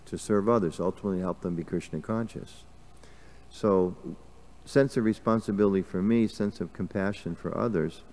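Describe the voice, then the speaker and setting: A man's voice: deep voice, a little mellow. A man giving a casual scripture class in a temple, talking conversationally with lots of fillers and questions to the audience. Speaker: class speaker. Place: temple hall.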